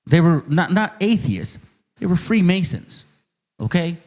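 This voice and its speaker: Male host, casual rant, mocking and profane, lively, slightly high pitch. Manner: reads aloud slowly, then speeds up. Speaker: channel host. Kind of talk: casual ranting commentary.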